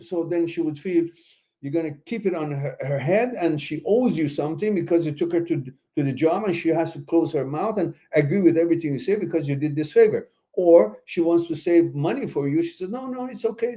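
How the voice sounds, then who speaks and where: A man hosting a live question-and-answer stream, giving blunt, animated relationship advice with emphatic outbursts. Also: fairly quick. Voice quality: animated, emphatic, swings high when exclaiming. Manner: blunt and preachy, mixes in laughter and asides. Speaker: host answering viewer questions.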